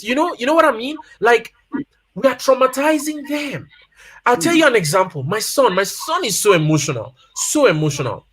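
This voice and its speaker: Male guest, 30s-40s, high and very animated delivery, casual storytelling advice. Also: moderate pace, slightly rough. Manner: animated, repeats key points for emphasis. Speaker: guest speaker on family life. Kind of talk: casual advice talk with personal stories.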